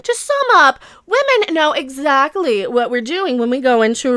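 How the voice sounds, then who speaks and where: A woman's voice: high-pitched, animated, moderate pace, hardly any pauses, pushed and bright, dry recording, clean studio sound. A woman in her forties ranting sarcastically about celebrities in her commentary vlog. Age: 40s. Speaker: vlogger. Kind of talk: rant commentary.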